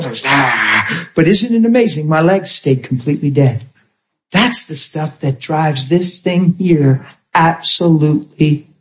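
A man preaching a sermon, telling a personal testimony in an animated way, swinging from hushed to emphatic. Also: on the high side.

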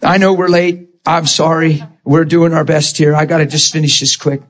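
A man preaching a sermon to his congregation, impassioned and animated, rising to shouts and stumbling over repeated words. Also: moderate pace, slight background noise. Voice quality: high-pitched, animated, stammering repeats. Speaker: pastor.

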